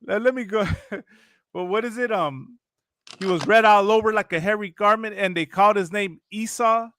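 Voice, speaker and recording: A man's voice: high-pitched, moderate pace, fairly bright tone, dry recording, clean studio sound. A man hosting a talk show and reacting to videos, with mocking, preachy religious commentary full of repeated phrases.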